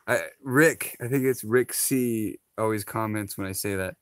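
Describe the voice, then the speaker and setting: A man talks to his viewers in an unhurried, easygoing ramble, full of "you know" and "uh" and quick laughs. His voice sits a little low and comes across close and dry, with no room sound. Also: a bit bright, no room sound. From Hawaii. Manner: laughs often, rambling with many fillers. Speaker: vlogger. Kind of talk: casual chat to camera.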